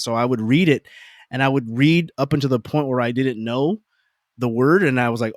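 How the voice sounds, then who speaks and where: A man's voice: medium pitch, brisk, no echo. Forties guy telling life stories on a podcast, trips over words a lot, plays out his own thoughts, dry close sound. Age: 40s. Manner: stammers and repeats words, acts out his own inner voices. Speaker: podcast guest. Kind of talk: reflective personal storytelling.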